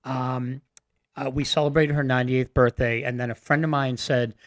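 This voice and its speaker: A man's voice: mid-range voice, little pitch movement, no room sound. Earnest man from Massachusetts telling a story. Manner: earnest, halting, many fillers. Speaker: radio guest. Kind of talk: personal storytelling. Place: radio studio.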